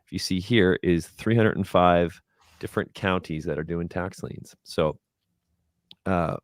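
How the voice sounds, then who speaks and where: Deep-voiced man walking through a tutorial. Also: measured pace, no room sound, studio quality. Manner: thinks aloud, chatty and unpolished. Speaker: guest presenter doing a screen-share. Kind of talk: casual on-screen tutorial.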